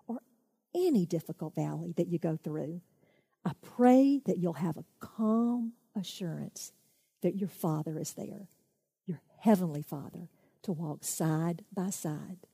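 A woman preacher with a low, warm and husky voice, earnest and emphatic, often dropping into a softer hush. Her voice is picked up close on a dry mic with no room echo. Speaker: women's ministry speaker. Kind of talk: sermon with storytelling and prayer.

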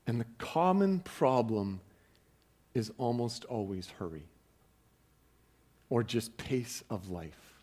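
A man's voice: mid-range voice, animated, slow pace, long pauses, dark tone. Conversational man preaching a sermon. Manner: conversational, repeats words when starting sentences. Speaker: pastor.

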